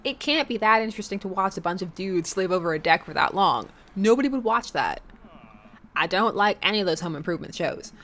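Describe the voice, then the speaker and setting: A woman's voice: medium pitch, expressive, fairly quick, fairly bright tone, lightly acted. A woman voicing a burly, easygoing male dad, a competitive contractor, in a put-on fake Southern accent with a teasing, folksy drawl. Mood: laid-back.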